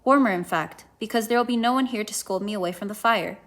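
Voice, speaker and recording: A woman's voice: medium pitch, fast talker, fairly bright tone, close to an everyday voice. A woman voicing Alice, a curious and polite little girl, in a children's storybook reading. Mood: wondering.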